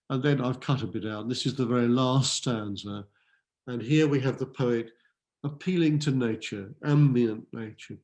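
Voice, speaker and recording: A man's voice: mid-range voice, normal speed, a little mellow. A man giving a school talk on French literature, reading French verse and translating it line by line, lifting his voice on the verse. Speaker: literature lecturer. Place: school event hall.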